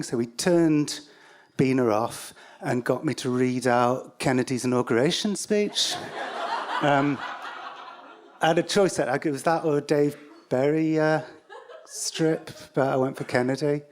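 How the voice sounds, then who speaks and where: A man's voice: mid-range voice, a little slow. An English-accented man telling a personal story live, in a wry, self-mocking way with stop-start phrasing.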